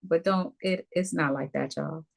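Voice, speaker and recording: Lively, emphatic low-voiced woman. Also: a little slow, vocal fry. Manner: lively and emphatic, with playful asides. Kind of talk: casual talk-show chat.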